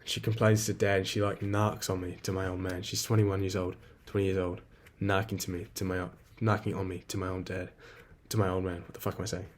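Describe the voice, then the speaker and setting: Young aussie bloke rambling on his own podcast, lowish voice, swears constantly. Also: little pitch movement, fairly quick, few pauses, slight background noise. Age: 20s. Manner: profane, rambling, venting. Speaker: podcast host. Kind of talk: casual solo podcast monologue.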